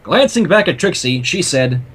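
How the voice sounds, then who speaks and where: A man reading a fan story aloud for a livestream, animated with joking asides. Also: fairly high pitch, moderate pace. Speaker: story reader.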